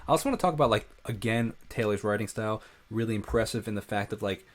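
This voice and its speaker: A man's voice: fairly low pitch, quick pace. A young man who is a musician, giving casual reaction commentary on a song and breaking down its production, with many "like" fillers. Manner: analytical, with frequent "like" fillers.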